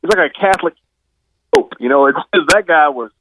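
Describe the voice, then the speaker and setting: A man in his fifties telling stories as a guest on a phone interview, relaxed and chuckling now and then. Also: fairly high pitch, a little fast, background noise. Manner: relaxed storyteller, chuckles often. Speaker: guest, retired pro wrestler. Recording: dry tinny phone line.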